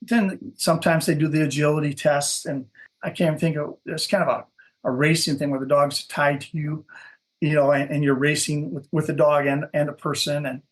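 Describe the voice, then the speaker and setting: A man's voice: fairly high pitch, flat delivery, normal speed. A man from Minnesota, a dog breeder, telling stories in a casual interview, rambling and repeating words as he searches for what to say.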